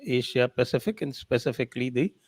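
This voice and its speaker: A man's voice: mid-range voice, expressive, a little fast, a little mellow, slightly rough. A man moderating a panel discussion, politely reading out audience questions to the guest.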